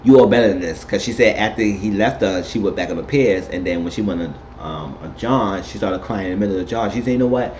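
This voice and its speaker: A man giving a casual, animated spoken recap of a TV episode, retelling scenes and quoting the characters. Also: fairly low pitch, fast, few pauses. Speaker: TV recap host. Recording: dull lo-fi recording with faint noise.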